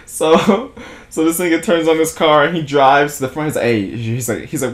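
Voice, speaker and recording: A man's voice: medium pitch, normal speed. A young man vlogging a long, casual story, laughing a lot, swearing freely and acting out what people said. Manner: animated, laughing, profane storytelling with voiced quotes.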